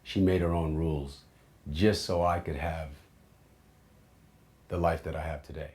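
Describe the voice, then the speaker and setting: A man in his forties from the United States, telling his life story in a candid, reflective way, often dropping into soft, low asides. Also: steady tone, measured pace.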